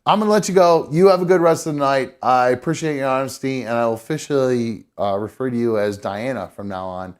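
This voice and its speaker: A man's voice: medium pitch, fast talker, hardly any pauses. A man hosting a live call-in show, talking casually with lots of swearing and restarts. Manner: profane, rambling, with restarts.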